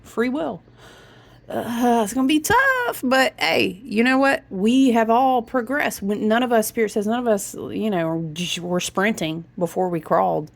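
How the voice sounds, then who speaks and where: A woman's voice: fairly high pitch, a little slow, gravelly. A woman giving a casual spiritual reading in a chatty, rambling manner, often cutting herself off mid-thought. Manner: chatty, animated, breaks into humming and hushing; rambling, self-interrupting, says y'all. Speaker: spiritual reader.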